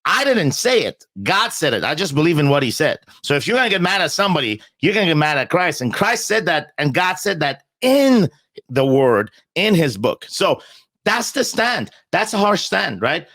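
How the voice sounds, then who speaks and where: A man's voice: a little high, very animated, moderate pace, fairly bright tone, no echo. A man in a casual podcast conversation, talking bluntly and emphatically, often repeating words as he starts a point and swearing freely.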